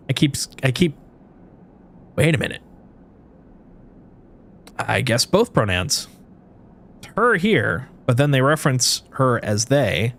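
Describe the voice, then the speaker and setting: A man's voice: mid-range voice, slow, gravelly, long pauses. A man streaming a game, chatting animatedly to viewers, swearing and reading the story aloud. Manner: animated, swearing, talks to chat. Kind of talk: gameplay commentary and reading aloud.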